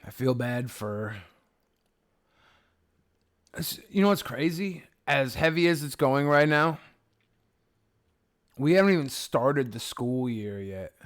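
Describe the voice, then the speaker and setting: Speaking slowly with long pauses, a medium-pitched man with lively intonation hosts a livestream. He reads viewer comments and chats casually, rambling, cursing, and being sarcastic.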